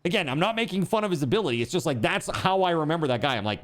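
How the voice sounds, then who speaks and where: A man's voice: on the high side, very animated, rapid-fire. A man streaming a game, chatting casually in a rambling, joking way, swearing now and then and packing his talk with fillers.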